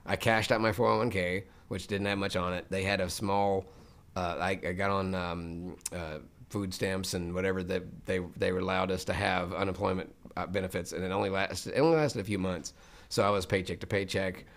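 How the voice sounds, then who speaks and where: A man's voice: low voice, moderate pace, vocal fry. A man from Memphis, Tennessee, a voice actor telling stories animatedly as a guest in a casual interview. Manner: animated storyteller who slips into voices.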